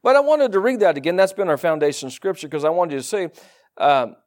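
A man with a Southern US accent preaching a sermon in a folksy, animated way, with laughs and asides. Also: on the high side, fast. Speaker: pastor.

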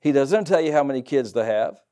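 A man's voice: medium pitch, expressive, a little fast, warm tone. A middle-aged man preaching a sermon as pastor, folksy and joking asides to the congregation.

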